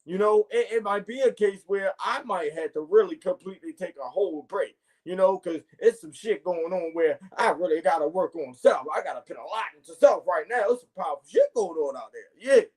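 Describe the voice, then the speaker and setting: A man's voice: high-pitched, lively intonation, brisk, darkish tone. A man hosting his own morning podcast, delivering a profane, confrontational and preachy monologue straight to his listeners, repeating catchphrases as he goes. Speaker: podcast host. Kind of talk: solo morning podcast rant.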